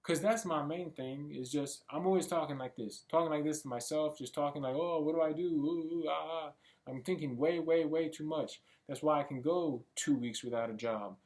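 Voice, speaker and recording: A young man talks through his goals in a loose, rambling motivational monologue, as if thinking out loud. His voice sits in an ordinary middle pitch, and his delivery is casual, with the odd swear word. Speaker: vlogger. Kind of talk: motivational self-talk monologue.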